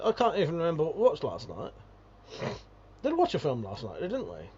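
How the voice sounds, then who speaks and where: British man, livestream host, fairly high voice, profane ranting, slightly muffled lo-fi audio. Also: sing-song, moderate pace, breathy edge. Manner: profane, ranting, laughs often. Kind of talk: casual livestream chat, reading viewer comments.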